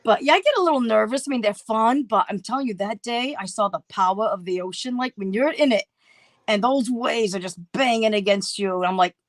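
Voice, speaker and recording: A woman's voice: on the high side, brisk, no echo. A middle-aged woman telling a story on a casual livestream chat, acting out her own past voices. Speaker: co-host.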